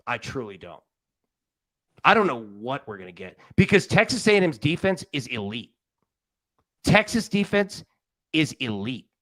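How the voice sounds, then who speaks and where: A man's voice: mid-range voice, big pitch swings, normal speed, long pauses, a bit bright, no room sound. A man hosting a live sports betting show, rambling and joking with frequent restarts. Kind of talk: casual live show chat. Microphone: studio mic on a live stream.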